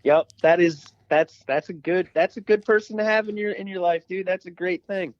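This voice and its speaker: A man with a fairly high voice chats loosely on a podcast, telling stories and swearing here and there. The sound is dry and a bit dull, recorded close. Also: steady tone, moderate pace, no echo. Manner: swearing, storytelling. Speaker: podcast co-host. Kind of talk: casual chat.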